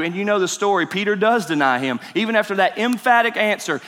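Male pastor, high voice, emphatic sermon, reverberant church hall. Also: lively intonation, fast talker, hardly any pauses. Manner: emphatic preaching, swings between loud and hushed. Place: church sanctuary.

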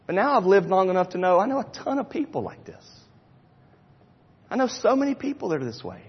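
A man's voice: high voice, very animated, fairly quick, husky. A middle-aged man preaching a sermon in a church, emphatic and repetitive, acting out the people he quotes. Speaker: pastor. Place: church sanctuary. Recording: dull sound with long hall reverb.

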